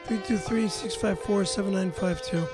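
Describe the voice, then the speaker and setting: A man's voice: sits high, steady tone, normal speed, over music. A man arguing on a podcast, sulky and snapping back with curses. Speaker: show regular. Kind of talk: heated podcast argument.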